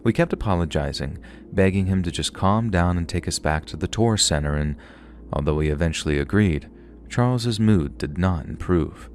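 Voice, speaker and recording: A man narrating a horror story in a calm, steady storytelling voice. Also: deep voice, normal speed, faint music behind.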